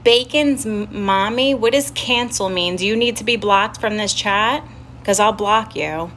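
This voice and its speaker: A young woman with a thick Staten Island New York accent talks through a story on her livestream, animated and quick to curse. She breaks off now and then to greet her chat. Faint noise hums under her phone mic. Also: medium pitch. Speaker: livestream host.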